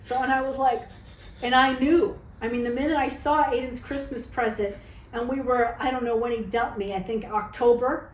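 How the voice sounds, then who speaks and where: A woman's voice: a little high, steady tone, normal speed, echoey room, a little hiss or hum, rough recording. A woman vlogger telling a personal story to camera in a candid, dramatic, chatty way, often tagging her lines with "okay?". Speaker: vlogger telling dating stories.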